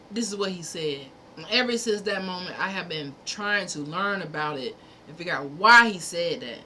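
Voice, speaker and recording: A woman's voice: lowish voice, lively intonation, normal speed, few pauses, pushed and bright, a little hiss or hum. A woman hosting a livestream, delivering a fervent, preachy monologue in repeated punchy phrases, sometimes profane. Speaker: livestream host.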